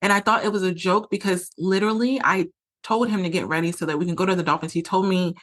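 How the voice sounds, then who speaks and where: A woman's voice: on the low side, steady tone, quick pace. A woman podcast host telling a personal story in a candid, emotional way, with lots of "like" fillers. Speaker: podcast host and relationship coach.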